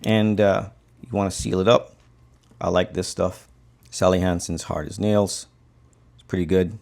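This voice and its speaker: A man from the Cayman Islands, a bonefish guide, telling a fishing story in a relaxed, conversational way while tying a fly. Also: deep voice, unhurried, vocal fry.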